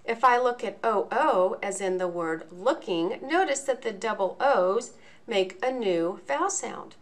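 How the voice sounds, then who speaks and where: A woman teaching a lesson in a video, explaining each point slowly and enunciating clearly. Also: medium pitch, expressive. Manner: slow, deliberate, clearly enunciated.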